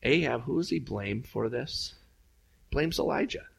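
A pastor giving a sermon, telling a story with lively acted-out voices that leap up in pitch. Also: male voice, measured pace, vocal fry, husky. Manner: animated storytelling, acts out voices with big jumps up.

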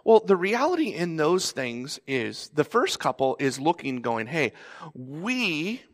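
A man's voice: sing-song, unhurried. Man preaching, acting out quotes. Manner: conversational preaching that acts out pleading quotes with sudden raised pitch. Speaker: pastor. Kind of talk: sermon.

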